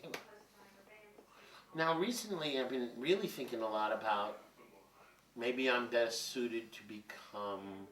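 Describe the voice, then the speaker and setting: Swearing, animated man in his fifties. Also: mid-range voice. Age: 50s. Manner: profane, rambling, animated storytelling. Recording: roomy and distant from mic.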